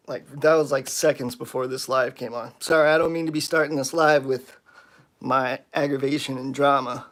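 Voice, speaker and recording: A man hosting his own live stream, selling slingshots and venting about a customer in casual, animated, slangy talk. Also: mid-range voice, normal speed. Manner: animated, aggravated storytelling with lots of "dude" and "bro".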